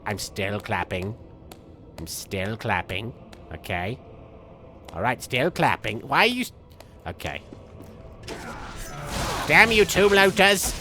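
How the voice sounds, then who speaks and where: A man's voice: medium pitch, sharp tone, full character voice. A man playing a manic, childish villain who rambles and jumps between jokes while streaming a game, sniffling from a cold. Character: manic goofy male villain, childish and gleeful. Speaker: livestream gamer. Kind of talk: live game-stream commentary in character.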